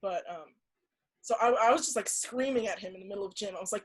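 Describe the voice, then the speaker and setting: A woman's voice: mid-range voice, husky, poor audio. A young woman in casual conversation as a podcast guest, recounting something earnest with frequent restarts and "like" fillers. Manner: halting, many restarts and "like" fillers; earnest storytelling.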